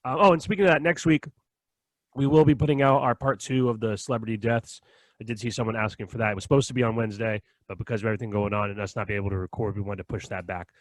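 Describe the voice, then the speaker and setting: Fast-talking male podcast host. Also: lowish voice, steady tone, no room sound. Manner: rambling, laughs often, acts out quotes. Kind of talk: casual chat, storytelling.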